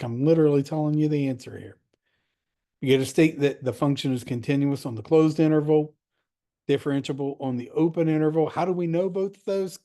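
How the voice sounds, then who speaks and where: Casual man explaining calculus, mellow voice. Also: on the high side. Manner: casual, direct, walks through steps. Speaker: math teacher.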